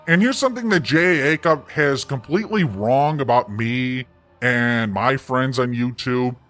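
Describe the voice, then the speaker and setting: A man's voice: medium pitch, unhurried, a bit bright, soft background music. A man hosting his own online commentary, taunting and mocking in a sarcastic tone.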